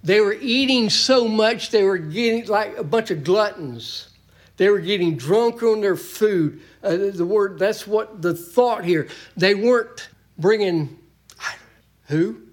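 Folksy preacher, emphatic. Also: male voice, high voice, lively intonation, slow. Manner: folksy, emphatic, jokes with the congregation. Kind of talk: sermon. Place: church.

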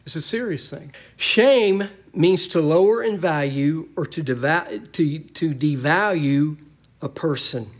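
A man preaching a sermon to his church, folksy and plain-spoken, now and then shouting a word for emphasis. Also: fairly high pitch, a little slow. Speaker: pastor. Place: church sanctuary.

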